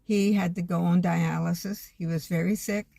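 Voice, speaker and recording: An older woman talking to camera in a homespun, earnest way, gently sharing her faith. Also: lowish voice, steady tone, normal speed, creaky. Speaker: vlogger. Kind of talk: casual reflective monologue.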